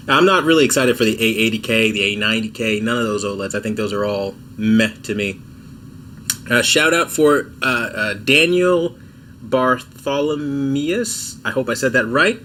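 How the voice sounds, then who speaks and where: A man's voice: mid-range voice, normal speed, bright, forceful tone, a little hiss or hum. A sick man hosting a casual TV tech livestream at home, chatting with viewers in a laid-back, self-mocking way. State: sick, coughing and clearing throat.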